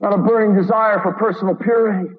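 A man with a very high voice preaches an earnest, urgent sermon. He reads quotes aloud and slips in sarcastic asides. The sound is a thin, phone-like radio broadcast with long hall reverb. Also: steady tone, fast talker.

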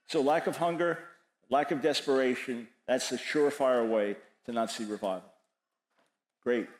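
A man preaches and answers questions from the floor, leaning hard on repeated phrases and quoted scripture. His voice is of middling pitch for a man. The sound rings with the echo of a large room. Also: normal speed. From New York. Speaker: speaker answering audience questions.

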